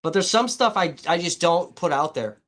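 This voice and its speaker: A man's voice: on the high side, animated, normal speed, a bit bright. A man livestreaming, rambling casually and profanely to his chat viewers, saying he feels hot and dehydrated.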